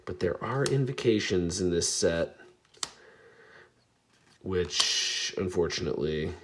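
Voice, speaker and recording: A man casually chatting to his viewers while opening trading card packs, chatty and self-deprecating, with bursts of excitement. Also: sits low, takes it slowly, a little hiss or hum. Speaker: card pack opening vlogger. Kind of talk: casual pack-opening commentary.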